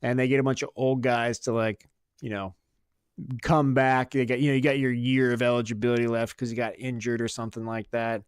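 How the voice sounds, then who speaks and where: Smooth-voiced man in casual sports banter. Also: mid-range voice, level tone, a little fast, no room sound. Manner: profane, joking, storytelling. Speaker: podcast co-host.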